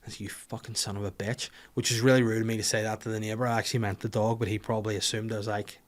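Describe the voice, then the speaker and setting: A man's voice: lowish voice, level tone, rapid-fire. A man in his thirties with a Northern Irish accent, hosting a podcast and rambling through a comic story, swearing freely. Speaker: comedian podcast host. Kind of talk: casual comic monologue.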